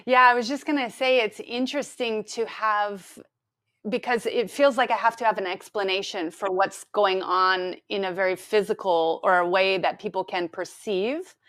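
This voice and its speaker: A woman's voice: mid-range voice, fairly even intonation, normal speed, a bit bright. A woman from California, a guest in a casual spiritual conversation, speaking reflectively and searching for words. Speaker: guest sharing her spiritual journey.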